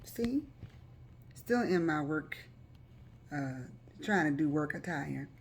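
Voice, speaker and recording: A woman's voice: deep voice, lively intonation, takes it slowly, vocal fry, slight background noise. A woman hosting a live stream, talking to viewers in a loose, chatty way and often repeating herself. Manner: chatty, loose, repeats words and uses fillers. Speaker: host of a live talk stream. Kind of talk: casual advice talk to viewers.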